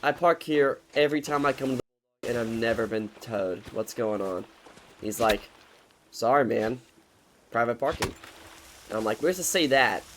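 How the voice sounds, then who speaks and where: A man's voice: medium pitch, moderate pace, pauses often, a bit bright, a little hiss or hum, rough recording. A man in his twenties telling a rambling, profane storytime in a casual, joking way. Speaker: vlogger.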